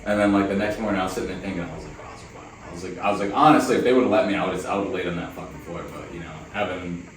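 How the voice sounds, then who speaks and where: Very deep-voiced, rambling man. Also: racing, slight background noise. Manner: laid-back, rambling, profane. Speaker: podcast co-host. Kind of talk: casual podcast storytelling. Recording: echoey room, mic far off, faint music.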